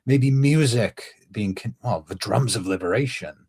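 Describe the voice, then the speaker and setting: A man's voice: mid-range voice, moderate pace, a little mellow, slightly rough. A man streaming a casual reaction, rambling, musing aloud and laughing often. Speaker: streamer reacting to a comic chapter.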